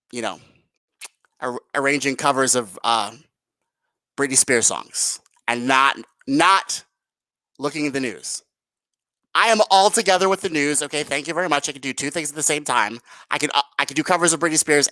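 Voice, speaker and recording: A man's voice: fairly high pitch, lively intonation, normal speed, pauses often, sharp tone, no echo. A man hosting a rambling political commentary stream, sarcastic and profane.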